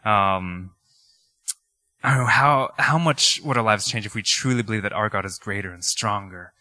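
Man, 30s, pastor, casual storytelling sermon, very bright voice, dry sound. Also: fairly low pitch, moderate pace, no echo. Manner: conversational, animated storytelling with laughs and filler words. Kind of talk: sermon with personal stories.

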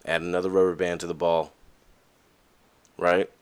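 A man's voice: deep voice, level tone, moderate pace, smooth. A young man hosting a podcast, talking candidly in a casual monologue and acting out the voices of people he quotes. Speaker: podcast host.

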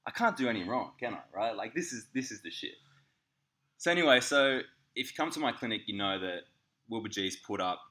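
An Australian man, an acupuncturist, telling a funny story in casual podcast chat, animated and laughing as he acts out the people in it. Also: fairly low pitch, a little fast. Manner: animated, laughing, swearing, acts out voices in anecdotes.

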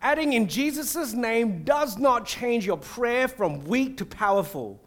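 High-pitched male preacher, animated, chatty sermon delivery. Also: unhurried. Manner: animated, acts out prayers and quotes with shifting voice; conversational with fillers and restarts.

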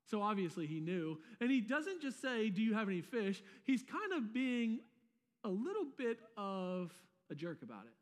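Very animated and moving at a moderate pace, a pastor delivers a sermon in a high, bright voice that trails long reverb through a big church hall. He keeps it conversational and casual, tossing in slangy asides and repeating himself.

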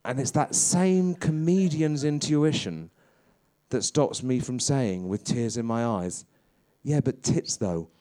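A man playing a crude, bewildered veteran stand-up comedian in a rambling deadpan confessional monologue. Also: medium pitch, slow.

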